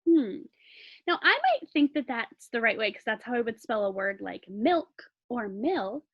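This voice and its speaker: A woman teacher giving a recorded phonics lesson, patiently sounding words out slowly for young learners. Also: fairly high pitch, very animated, dull audio.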